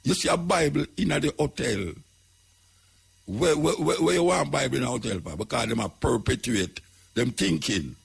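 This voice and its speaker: Gravelly Jamaican man preaching on radio. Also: medium pitch, lively intonation, normal speed. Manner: preaching, repetitive, emphatic. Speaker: radio host. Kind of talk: talk radio commentary.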